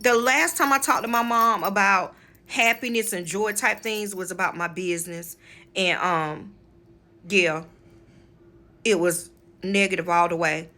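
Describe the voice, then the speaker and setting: A woman's voice: mid-range voice, measured pace, sharp tone. A married woman with children hosting a spiritual channel, telling a personal story in a casual vlog, frank and emphatic, speaking to viewers as y'all and swearing freely. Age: adult, married with children.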